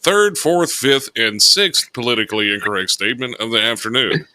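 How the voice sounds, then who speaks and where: Wry man with a very bright voice. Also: mid-range voice, expressive, moderate pace, no echo. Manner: wry, mock-announcer commentary. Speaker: host. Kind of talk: casual chat.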